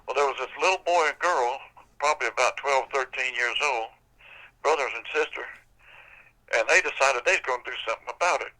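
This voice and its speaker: A man's voice: medium pitch, brisk, pushed and bright, rough recording. An older man telling a folk tale on a podcast in a folksy, casual way. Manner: folksy, casual, drawling storytelling. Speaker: storyteller.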